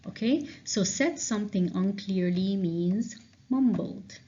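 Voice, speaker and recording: A woman teacher going through revision answers with a class, explaining slowly and checking in with frequent "okay?"s. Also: medium pitch, mellow, slight background noise. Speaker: English teacher. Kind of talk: revision lesson walkthrough. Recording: dull lo-fi recording.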